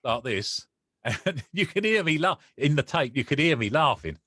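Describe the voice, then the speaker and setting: A man from Romford, a podcast guest who tells a personal story and acts out the dialogue with lively energy. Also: on the high side, normal speed, dry recording. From Romford, England.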